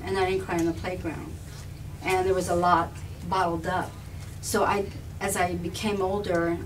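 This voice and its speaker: A woman telling a personal story on a live panel, animated and often laughing, with restarts and repetitions. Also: on the low side. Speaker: filmmaker and activist guest. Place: live event room with an audience. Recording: distant mic with background noise.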